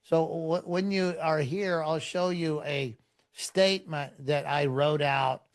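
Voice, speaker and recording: A middle-aged man, a pastor, telling stories in a relaxed, rambling way, with many fillers and restarts. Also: fairly high pitch, slow pace. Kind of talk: conversational storytelling in a podcast interview.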